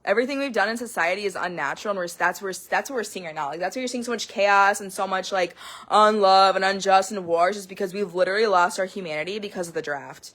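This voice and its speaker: A woman in her thirties hosting a podcast, telling stories in a rambling, profane, animated monologue. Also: medium pitch, fast talker. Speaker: podcast host. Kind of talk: casual monologue.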